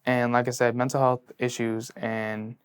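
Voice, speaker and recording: Recent high school grad, male, medium-pitched clear voice, telling his own story with earnest ups and downs. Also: a little slow. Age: late teens. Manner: earnest storytelling, heavy use of "like", shifting between hushed and excited. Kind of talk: personal testimony in a sit-down interview.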